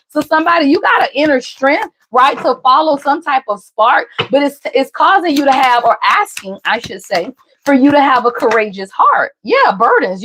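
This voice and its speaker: A woman doing a casual tarot reading for viewers, talking emphatically and often calling out "somebody" and "y'all". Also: a bit bright. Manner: emphatic, repeats "somebody" and "y'all", jumps in pitch. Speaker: tarot reader.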